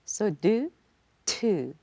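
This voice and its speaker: A woman explaining diction on a panel in a studio, measured and thoughtful with pauses. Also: mid-range voice, very animated, mellow, dry recording. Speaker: roundtable panelist, diction clinician. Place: video studio.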